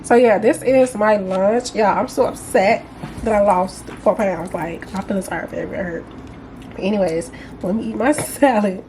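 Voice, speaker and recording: A woman's voice: mid-range voice, moderate pace, a little mellow, a little hiss or hum. A young woman chatting casually to camera as a vlogger at home, playful and laughing easily. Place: home, indoors.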